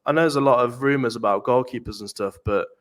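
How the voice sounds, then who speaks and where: A man's voice: medium pitch, quick pace, fairly bright tone. An English man talking earnestly and repeating himself as he thinks, in a casual chat on a live fan stream. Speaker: panelist on a fan show.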